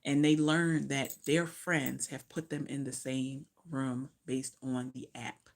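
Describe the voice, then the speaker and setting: A woman's voice: rumbling low, little pitch movement, slow pace. A woman casually recapping a romance novel she just read, chatty and profane, often losing track and correcting herself. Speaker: book reviewer.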